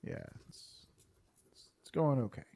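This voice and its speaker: A man playing his character at a tabletop game, earnest and plainspoken with halting pauses. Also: dark tone. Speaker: player.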